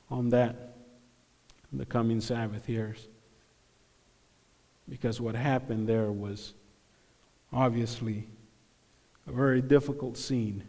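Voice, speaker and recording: A man preaching a sermon, animated, acting out the crowd's voices and dropping to hushed tones. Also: mid-range voice, in a large hall. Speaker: pastor.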